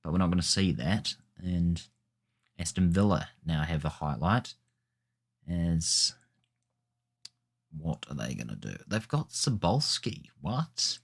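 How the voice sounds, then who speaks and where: Deep-voiced male gaming host; loose, rambling play-by-play chatter. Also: very animated, takes it slowly, vocal fry, long pauses, breathy edge. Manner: chatty, rambling, self-correcting. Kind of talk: casual gameplay commentary.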